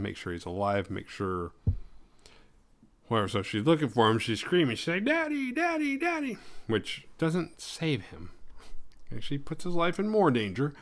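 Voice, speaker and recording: A man's voice: on the low side, fairly bright tone. A man hosting a horror movie podcast, retelling the plot in a rambling, jokey way with crude humor. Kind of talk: casual film recap.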